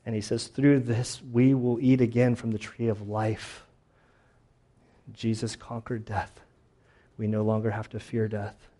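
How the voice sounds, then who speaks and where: A man's voice: on the low side, flat delivery, a little slow, long pauses, dark tone. A middle-aged male pastor delivering a sermon in an earnest, personal way. He mixes scripture with his own life stories, and his voice at times catches with emotion.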